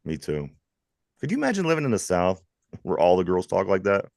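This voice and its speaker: A man with a Pittsburgh accent hosting a live sports talk show, lively and jokey, reading trivia questions to his co-hosts. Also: sits low, brisk, vocal fry, no echo. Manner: lively, jokey, laughs often. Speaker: host.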